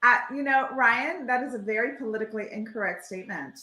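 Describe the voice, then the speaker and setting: Woman, podcast co-host, bright voice, teasing, enthusiastic, roomy echo. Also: a little high, quick pace. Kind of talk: casual chat.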